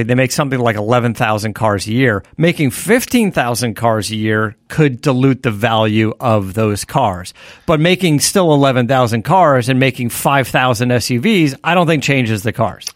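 A man's voice: mid-range voice, expressive, moderate pace, no echo, studio quality. A man co-hosting a podcast, chatting casually about cars and laughing often. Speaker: podcast co-host. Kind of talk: casual chat.

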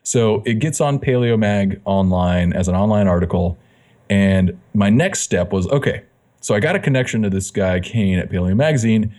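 A man's voice: lowish voice, normal speed. A man, a fitness magazine editor, telling his story as a guest in a casual interview, acting out the dialogue he quotes. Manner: animated, acts out quoted dialogue.

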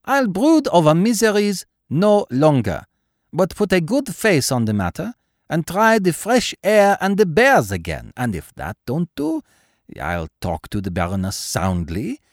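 A man voicing a middle-aged male baron, loud, excitable and hearty. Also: on the low side, measured pace, no room sound, clean studio sound, heavily acted.

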